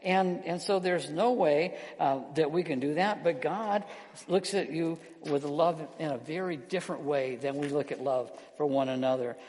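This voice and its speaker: A man preaching an earnest sermon as pastor, slowing down and softening his voice on key words. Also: a little high. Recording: long hall reverb.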